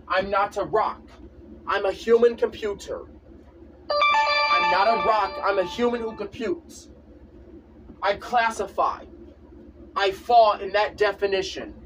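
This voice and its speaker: A man's voice: high voice, unhurried, long pauses, a bit bright, far from the mic, slight background noise. A man in a casual vlog, ranting insistently and repeating himself over and over. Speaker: vlogger. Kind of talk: casual rant to camera.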